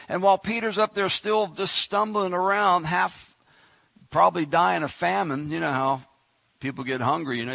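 Preacher, male, raised voice with a husky edge, chatty sermon delivery that slips into character voices, dry close sound. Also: high-pitched, bright, forceful tone, no room sound. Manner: conversational preaching, acts out biblical characters.

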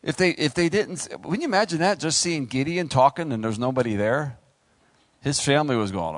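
Animated, joking male preacher. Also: medium pitch, fairly quick, no room sound. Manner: animated, conversational, jokes with the congregation. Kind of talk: sermon.

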